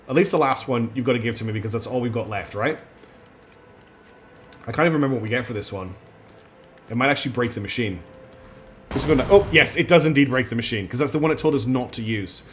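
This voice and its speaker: A man streams a video game and chats casually, reading the game's dialogue aloud with plenty of ums, restarts and apologetic asides. His mid-range voice runs a little fast with long pauses, over slight background noise.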